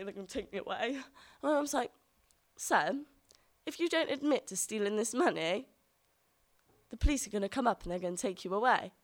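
A young woman telling a live personal story, acting out the voices of her family. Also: medium pitch. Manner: lively, acts out the voices of family in her tale.

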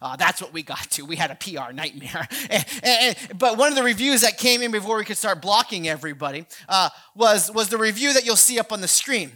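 A woman pastor preaching a sermon in a conversational way, often restarting her sentences and building up to shouted passages. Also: mid-range voice, lively intonation, a little fast, hardly any pauses. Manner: frequent restarts and repeated words.

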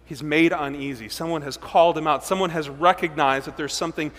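A man preaching a sermon as pastor, swinging between loud emphasis and hushed, low passages. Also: a little fast, in a large hall.

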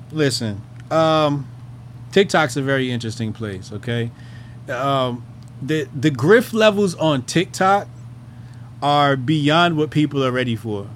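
A man's voice: mid-range voice, lively intonation, a little slow, slight background noise. A man hosting a commentary show, talking in a loose, rambling way, swearing freely and trailing off into fillers. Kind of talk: casual profane commentary.

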